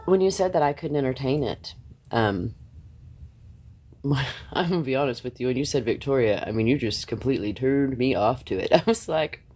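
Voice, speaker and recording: With an expressive, slightly mellow mid-range voice at a moderate pace, a man hosts a live stream and rants bluntly at viewers. He swears freely, talks back to chat, and breaks into laughter between points.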